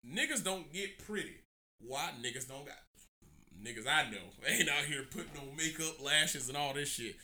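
High, bright, animated ranting man. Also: moderate pace. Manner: animated, profane ranting with frequent laughter. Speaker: podcast host. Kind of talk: casual chat.

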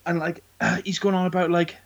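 A man in casual chat, retelling a film in a crude, sweary and animated way and acting out its lines. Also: high voice, normal speed, muffled recording.

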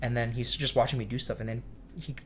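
This cook talks fast in a flat, mid-range voice, with a little hiss or hum on the recording. Telling a story in a casual interview, he acts out its voices, sometimes loudly, and says he's shy.

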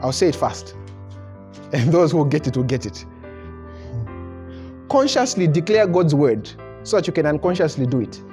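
Preaching to his congregation at a church service, a pastor chuckles often, repeats words, and restarts phrases as he works up to his point in an animated sermon. His voice is on the high side at normal speed, with long pauses and faint music behind.

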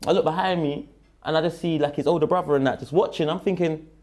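Young man, London accent, interview guest, slangy, rambling, warm dark tone. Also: a little high, fast. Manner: slangy, rambling, animated when retelling. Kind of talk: casual interview storytelling.

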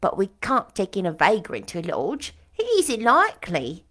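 A woman's voice: medium pitch, sing-song, normal speed, a bit bright, voice pushed down. A woman voicing a blunt, distrustful older woman servant with a country dialect, as an audiobook character. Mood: suspicious.

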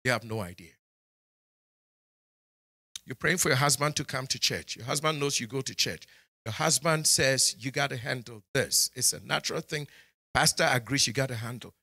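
Scolding preacher man, bright voice. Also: moderate pace, creaky, long pauses. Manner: scolding, swings from low asides to high exclamations. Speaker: pastor. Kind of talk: sermon. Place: church.

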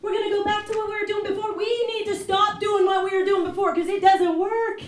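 A woman's voice: very high voice, level tone, brisk. A woman elder preaching a fervent, exhorting sermon at a church fellowship service. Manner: fervent, exhorting, rising to urgent bursts. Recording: echoey room, voice from far off.

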